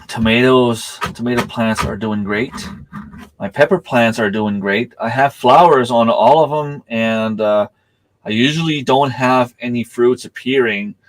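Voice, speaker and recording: A middle-aged man, hosting a casual livestream chat, rambling with many fillers and restarts while he has the hiccups. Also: mid-range voice. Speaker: livestream host.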